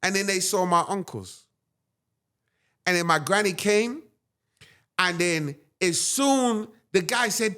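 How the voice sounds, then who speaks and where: A man, a guest on an interview show, telling a personal story with dramatic, animated delivery and frequent "right?"s. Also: sits high, slow, long pauses.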